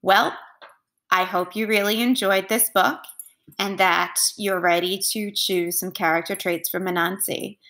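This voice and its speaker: A woman teacher reading a storybook aloud to children in a clear, expressive voice. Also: medium pitch, measured pace.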